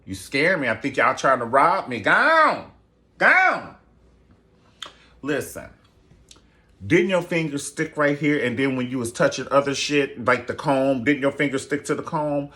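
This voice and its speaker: At a moderate pace and with a slightly bright voice, a male host runs a casual gossip commentary show, sassy and theatrical, often leaping into high falsetto exclamations.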